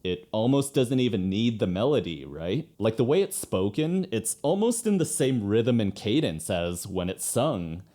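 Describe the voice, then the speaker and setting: Man, music reaction commentary, lively pitch, mellow tone, sings snippets. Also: moderate pace, few pauses. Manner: explains, breaks into sung lines. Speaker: singer reacting to a live song. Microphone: headphones on.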